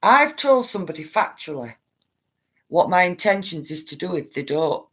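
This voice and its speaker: A woman's voice: lowish voice, very animated, normal speed, a bit bright, husky. Blunt woman live-streaming. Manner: blunt, emphatic, repeats herself for stress; addresses viewers directly. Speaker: livestreamer reading viewer comments. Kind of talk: casual live-stream talk.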